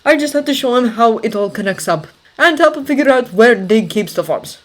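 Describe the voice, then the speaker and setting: A woman reading a story aloud, voicing a loyal, measured male army corporal who speaks plainly. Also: on the high side, expressive, pitched above the performer's own voice, close to an everyday voice. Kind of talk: audiobook character voice.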